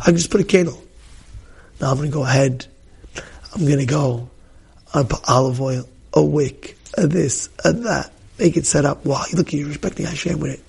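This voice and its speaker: A male rabbi teaches with energy, circling back to repeat his points and slipping into voices for the characters he describes. His voice is high for a man, with a gravelly, husky grain. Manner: animated, repeats phrases, acts out quoted people. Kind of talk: lively Torah class to a small group.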